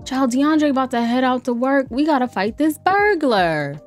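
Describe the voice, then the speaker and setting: A young woman giving casual commentary on a life-simulation game, chatty and playful, laughing often and breaking into excited exclamations. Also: sits high, normal speed. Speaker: let's play streamer. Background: faint lofi background music.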